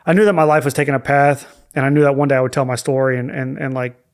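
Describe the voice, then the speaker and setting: Man, podcast guest; mid-pitched, halting storyteller who restarts often. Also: fairly even intonation. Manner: halting, with frequent restarts and fillers. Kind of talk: personal storytelling.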